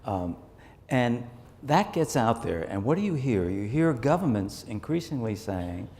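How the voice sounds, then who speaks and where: A man, a journalist and author, answering interview questions on a conference stage in a measured way, often repeating words as he thinks. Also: medium pitch, sing-song, a little mellow, long reverb tail.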